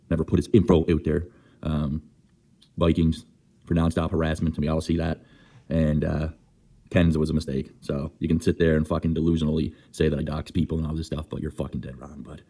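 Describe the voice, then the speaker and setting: A man in his thirties with a very deep, husky voice tears through a furious, rapid-fire rant. Curses and insults tumble out almost without a pause. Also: flat delivery, warm tone. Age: 30s. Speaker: livestreamer. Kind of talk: angry livestream rant.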